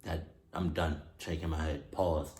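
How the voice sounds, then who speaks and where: A man reacting to a horror video in casual commentary, ranting and cursing in an animated way, at home. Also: a bass voice, measured pace, echoey room.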